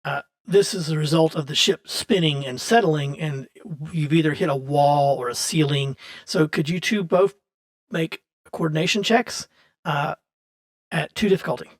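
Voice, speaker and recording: A man with a slightly raised pitch runs a tabletop game as game master. His narration is loose and conversational, full of restarts and easy laughter. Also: moderate pace. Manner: chatty, loose, often laughing, many restarts.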